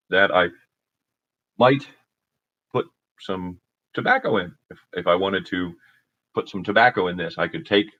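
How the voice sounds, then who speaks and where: A man rambling on a solo livestream from his home cabin, talking into a laptop, halting and restarting often. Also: on the low side, fairly bright tone, lo-fi sound. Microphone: laptop microphone.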